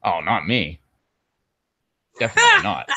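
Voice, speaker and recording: A channel host chats casually on his video stream, rambling, joking, and leaning on lots of fillers. His voice swings hugely in pitch at a normal pace, with a bright, forceful tone. The audio is dull, dry, and low-fidelity, with no room sound.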